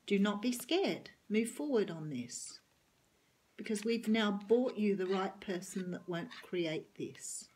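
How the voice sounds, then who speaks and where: A middle-aged Australian woman with a husky voice, giving an earnest, reassuring tarot reading straight to the camera. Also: mid-range voice, lively intonation, takes it slowly, darkish tone, slight background noise. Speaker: tarot reader.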